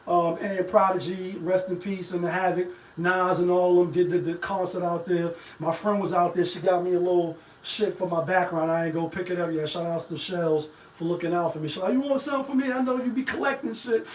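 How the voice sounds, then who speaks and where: A man with a high-pitched voice holds forth on his live stream in loose, rambling commentary. He swears freely and talks straight to his viewers. His voice bounces around an echoey room from a mic set some way off. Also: level tone, brisk, distant mic. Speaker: live-stream show host. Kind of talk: casual commentary.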